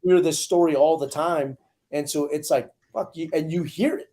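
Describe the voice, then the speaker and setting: Retired sergeant major: earnest, reflective, profane, with a warm mellow voice. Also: male voice, a little high, steady tone, normal speed. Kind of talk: casual chat.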